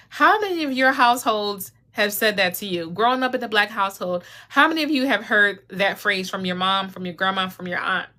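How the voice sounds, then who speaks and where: A woman's voice: mid-range voice, moderate pace, sharp tone. A woman coach talking directly to viewers on a live stream, conversational and coaching, calling them y'all. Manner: conversational, drops into quoted mom voices. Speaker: etiquette and self-esteem coach.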